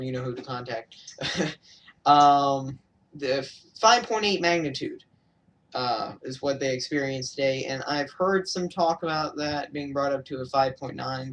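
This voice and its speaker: A man's voice: medium pitch, fairly bright tone, recorded from a distance. A young man from Georgia giving a casual weather update on a livestream, hesitant, with many fillers and self-corrections. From Georgia, USA. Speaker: amateur weather broadcaster.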